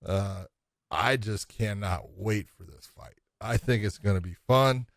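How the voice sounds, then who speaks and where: A man's voice: on the low side, a little slow, creaky, no echo, studio quality. A middle-aged man co-hosting a casual podcast about fighting, talking with enthusiasm, repeating himself and swearing casually. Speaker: podcast co-host. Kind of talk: casual MMA podcast chat.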